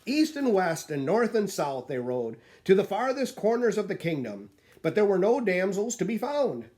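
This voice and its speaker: A man reading a children's picture book aloud in an expressive storytelling manner. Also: sits high, normal speed.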